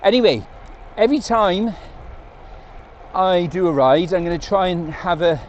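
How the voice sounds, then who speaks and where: A man's voice: sits high, measured pace, lo-fi sound, slight background noise. A man with an English accent vlogging to camera while cycling on country roads, chatty and rambling with jokey asides. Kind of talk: casual talk to camera while riding. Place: outdoors on country roads on a bike.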